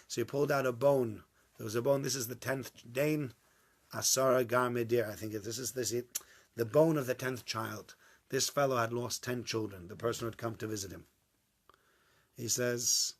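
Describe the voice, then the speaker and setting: A man giving an informal Torah class to a small group, acting out the dialogue and swinging from loud bursts to hushed asides. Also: mid-range voice. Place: small warm room with a few listeners.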